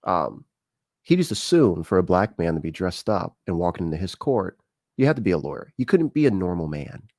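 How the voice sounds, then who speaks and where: A man's voice: low voice, big pitch swings, a little fast, darkish tone, no echo, studio quality. An American man hosting a live-streamed talk show, telling personal stories in a conversational way with frequent fillers and restarts. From United States. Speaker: show host.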